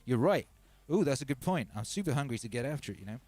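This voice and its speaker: This casual livestream comes from a host who also produces music, talking fast in an animated, mid-range voice with a darkish tone and no echo. He reads viewers' comments aloud, calls them brother and sister, and rambles self-mockingly, heavy on fillers and restarts.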